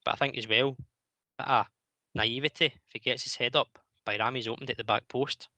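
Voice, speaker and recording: A man hosting a football phone-in, giving steady, matter-of-fact match analysis. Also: mid-range voice, brisk, no room sound, poor audio. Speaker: radio show host. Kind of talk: casual football chat.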